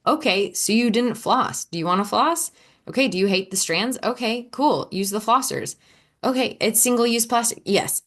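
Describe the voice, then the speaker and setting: A woman hosting her own podcast as a coach, talking casually and candidly, encouraging listeners with some swearing and lively shifts in tone. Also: medium pitch. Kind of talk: casual solo podcast talk.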